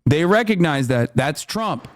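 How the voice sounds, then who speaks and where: A man in his thirties doing casual political commentary on a stream, profane and animated, mocking people in quick put-on quotes. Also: a little high, no room sound, clean studio sound.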